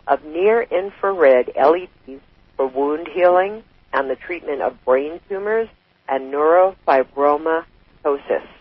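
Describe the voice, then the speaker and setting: A man's voice: on the high side, husky, no echo, phone-quality sound. A man hosting a talk show, reading out a long guest introduction and then asking questions in an earnest way.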